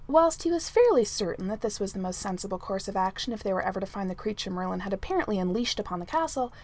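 A woman narrating a fantasy story aloud in an expressive, gently wry manner. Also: medium pitch, quick pace. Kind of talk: audiobook narration of fan fiction.

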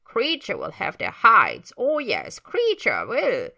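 A woman's voice: medium pitch, wildly swooping pitch, slow, creaky, pushed and bright, heavily acted. A woman doing a wheezing, muttering old house elf. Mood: muttering indignant.

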